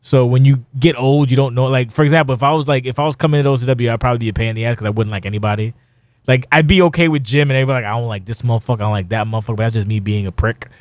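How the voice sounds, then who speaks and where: A man's voice: medium pitch, rapid-fire, no room sound, clean studio sound. A middle-aged man hosting a casual podcast, rambling and swearing bluntly. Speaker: podcast host.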